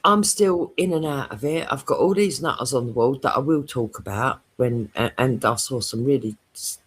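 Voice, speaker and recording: A woman's voice: a bass voice, moderate pace, breathy edge. A British woman hosting a casual podcast chat, telling a crude story with lots of swearing and laughter.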